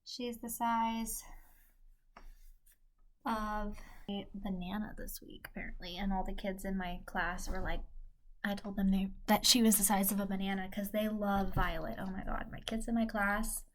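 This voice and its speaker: A woman's voice: mid-range voice, fairly even intonation, normal speed. A young woman giving a casual vlog update, rambling and correcting herself as she goes, laughing at her own slips. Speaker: vlogger and teacher. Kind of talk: casual chat.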